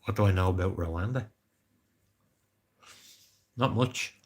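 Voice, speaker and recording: A man's voice: deep voice, takes it slowly. An Irish man chatting casually on a live stream, rambling and greeting viewers by name. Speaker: livestreamer.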